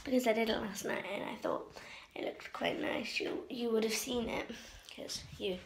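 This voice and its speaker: Her voice sits on the high side, gravelly and wildly swooping in pitch, at normal speed with background noise. She's a schoolgirl in her early teens vlogging playfully at home into a phone camera held close, using a silly voice to talk to her pets.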